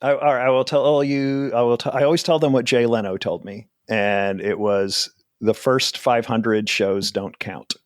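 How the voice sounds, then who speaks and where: Here a mid-pitched male voice with fairly even intonation moves at normal speed through casual interview talk. The speaker, a New Jersey comedian in his forties, rambles, jokes at his own expense, and laughs a lot. Sound is dry and studio quality.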